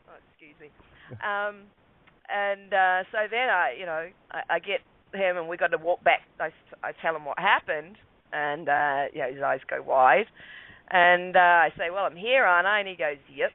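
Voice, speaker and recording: A man's voice: a little high, moderate pace, no room sound. A man telling a rambling story as a radio guest, with many fillers and restarts. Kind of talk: casual storytelling. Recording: dry tinny phone line.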